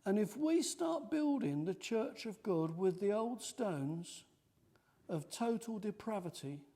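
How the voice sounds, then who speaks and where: A man preaching a sermon in a church, animated and lively, acting out the mockers' voices. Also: high-pitched, slow pace.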